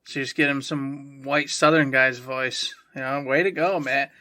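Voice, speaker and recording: A man's voice: mid-range voice, fairly even intonation, moderate pace, bright, forceful tone. A man co-hosting a casual gaming podcast, teasing his partner with wry banter. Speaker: podcast co-host.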